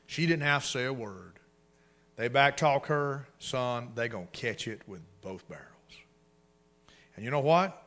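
A middle-aged male pastor preaching a sermon, swinging from hushed asides to loud, emphatic bursts. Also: medium pitch, unhurried, long pauses.

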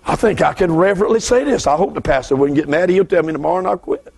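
Fervent Southern preacher man, high and gravelly. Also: animated, quick pace. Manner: fervent, swings from low asides to shouted bursts. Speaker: guest preacher. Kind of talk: revival sermon.

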